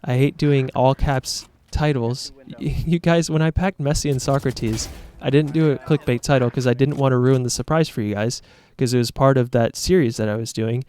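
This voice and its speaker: A male YouTuber thinks aloud to his viewers in an unscripted, reflective monologue. His voice sits at an ordinary middle pitch. He comes across as earnest and self-critical, and his thoughts ramble as he goes. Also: steady tone, normal speed, few pauses, a little mellow, clear, resonant tone.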